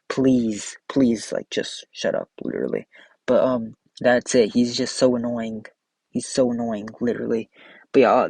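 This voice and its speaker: Young male host, blunt casual reaction rant, husky voice, dry close sound. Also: medium pitch, a little mellow, no echo, low-quality recording. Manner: blunt, ranting, filler-heavy with frequent "like". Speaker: MMA reaction channel host.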